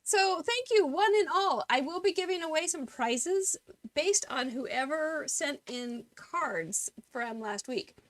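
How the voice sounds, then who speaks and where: A woman hosting a live crafting show, reading out viewers' names quickly in a chatty, enthusiastic way. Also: high-pitched, animated, dry recording. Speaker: host.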